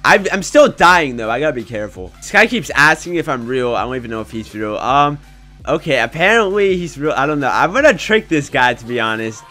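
A young man commentating his own gameplay in a casual, excitable way, often breaking into shouts. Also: medium pitch, a little fast, faint music behind. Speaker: gaming YouTuber.

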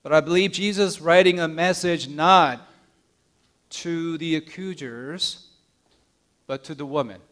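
A man pastor preaching a sermon, telling a story in an earnest, gentle way, often letting his lines drop soft and hushed, with small restarts. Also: on the high side, measured pace, pauses often. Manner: small restarts and repeated words.

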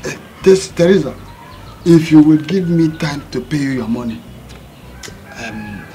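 A man's voice: a little high, animated, a little slow, mellow. An older man with a Nigerian accent, playing a broke, boastful father who pleads and whines with his creditor. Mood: wheedling. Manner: wheedling, self-pitying, rising to a whine. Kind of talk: Nollywood film acting.

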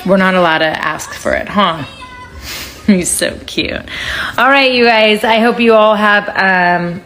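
A woman's voice: mid-range voice, fairly bright tone. A woman in her thirties chatting casually on a phone livestream at home, switching to a sing-song baby voice for her toddler. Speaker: social media livestream host.

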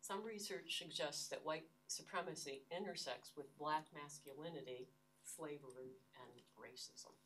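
A woman's voice: deep voice, measured pace, fairly bright tone, slight background noise. An older American woman giving an academic lecture, earnest and emphatic, often restarting her phrases. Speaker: university lecturer. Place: lecture hall. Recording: distant lecture-hall recording.

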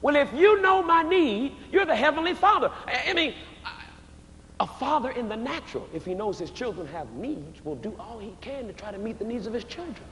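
A man preaching a live revival sermon to a church congregation, emphatic and rhythmic, rising to shouted peaks. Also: extremely high pitch, sing-song, a little fast, slight background noise. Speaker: guest preacher. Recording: reverberant church hall, faint ambience.

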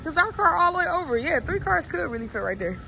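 A woman's voice: very high voice, sing-song, fast, gravelly. A young woman vlogging to her phone camera from a car and outside in the rain. She talks straight to her viewers and swears freely. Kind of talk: casual vlog chat to camera. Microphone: phone camera held by hand. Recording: noisy car and street background.

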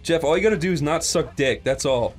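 A man's voice: fairly high pitch, brisk, soft background music. A man co-hosting a let's play, telling crude stories in casual gaming chat and laughing often. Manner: crude, laughing, animated storyteller.

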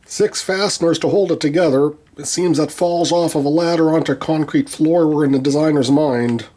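Husky man narrating a tool teardown. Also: on the high side, moderate pace, dark tone. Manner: dry, wry humor with frequent restarts. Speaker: tool reviewer.

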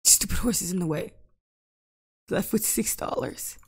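A woman giving casual Let's Play commentary, exasperated and bursting into loud outbursts at the game. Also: on the low side, measured pace, breathy edge. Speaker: gaming YouTuber.

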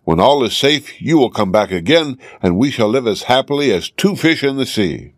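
A man's voice: medium pitch, lively intonation, moderate pace, no echo, clean studio sound. A man voicing a rich old father in a fairy tale, persuasive and offhand.

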